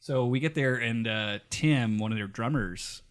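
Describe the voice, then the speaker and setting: A man co-hosting a podcast, telling stories in an animated, profane casual chat. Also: mid-range voice, a little slow. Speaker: podcast co-host.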